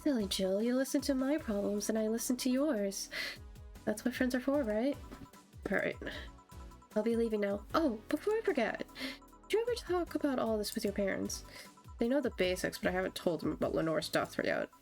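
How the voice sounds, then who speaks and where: A woman's voice: fairly high pitch, expressive, a little fast, a little mellow, soft background music. Alma, a woman reading a teasing friend. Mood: caring. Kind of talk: reading game dialogue aloud.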